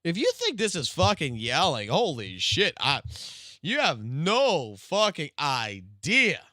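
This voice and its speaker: A young man with a South Louisiana Cajun accent rants on a live stream, loud, emphatic and full of swearing. His voice is bright and animated, leaping up and down in pitch. The sound is dry and close. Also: slow pace, no room sound. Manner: loud, emphatic and profane, swinging between loud and low-key. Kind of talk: casual stream rant.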